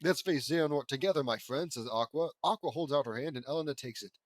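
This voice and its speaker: A man reads fan fiction aloud, stopping now and then to poke fun at the story with wry, sarcastic remarks. His voice sits a little high, and he pushes it higher still for the quoted characters. The sound is dry and close, with no room echo. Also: fast talker. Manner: mocking, wry commentary between read lines. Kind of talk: reading aloud with sarcastic asides.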